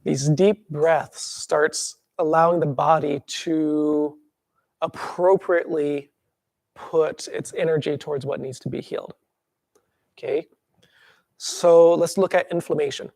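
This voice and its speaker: A man teaching a tuina workshop, calmly guiding breathing and then explaining with lively acted-out examples. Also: fairly high pitch, slow pace, vocal fry, no room sound, studio quality.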